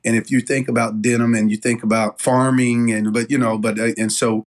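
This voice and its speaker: Guy, middle-aged, chatty and animated, tells stories in a regular mid voice. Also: mid-range voice, a little fast. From Southern United States. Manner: animated storyteller, lots of fillers. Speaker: guest, denim company owner. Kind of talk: casual interview storytelling.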